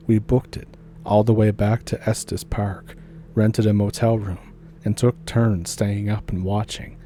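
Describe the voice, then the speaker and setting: A male host narrates a first-person horror encounter in a steady, deliberate manner. His voice is low and mellow, with a faint ambient hum underneath. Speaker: story narrator, channel host.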